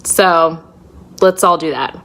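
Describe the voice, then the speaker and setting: A woman's voice: low-pitched, slow, fairly bright tone. A woman hosting a podcast, opening the episode in a bubbly, casual way with lots of fillers. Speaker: podcast host. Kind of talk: casual chat.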